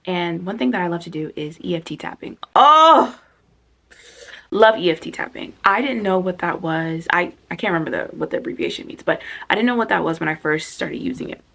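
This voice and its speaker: A woman hosting a self-help video, talking casually as she guides a reflection, chatty and self-interrupting, sometimes dropping to a soft near-whisper. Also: fairly low pitch, fast, gravelly, few pauses.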